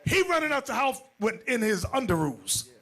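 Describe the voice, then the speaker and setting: A man preaching as a bishop in a Bible class, telling stories in an animated way and acting out the people in them, sometimes shouting. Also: very high voice, normal speed. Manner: animated, acts out quotes, jumps to shouting. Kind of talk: storytelling Bible class sermon.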